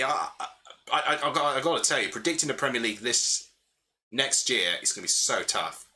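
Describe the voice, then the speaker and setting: A young man with a bright, forward voice hosts a live football watchalong. He calls the action as it happens and answers viewers' chat in between, thinking out loud as he talks. His pitch sits in the middle of the male range. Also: sing-song, moderate pace. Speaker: livestream host.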